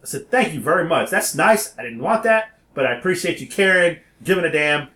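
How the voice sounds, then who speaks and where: A man telling a story in an animated way, acting out phone calls and sometimes rising to a shout. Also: fairly high pitch, brisk, reverberant.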